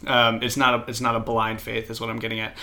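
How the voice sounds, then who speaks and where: A man with a gravelly, crackly edge to his voice and a bright, forward tone, talking in a relaxed, conversational way. He meanders and corrects himself mid-thought, like someone telling a story to a friend across the table. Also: mid-range voice, fast talker. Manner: rambling, self-correcting storyteller. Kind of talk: casual chat and joke telling.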